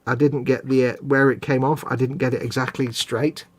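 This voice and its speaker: A man's voice: medium pitch, little pitch movement, fairly quick. A man hosting a live stream, chatting casually and joking at his own expense while he describes his model building. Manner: chatty, self-deprecating, narrating his work. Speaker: host.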